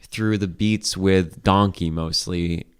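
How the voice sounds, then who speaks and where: A man's voice: sits low, steady tone, slow, clear, resonant tone. A man co-hosting a podcast in casual chat, rambling with lots of "like" and frequent swearing. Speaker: podcast co-host.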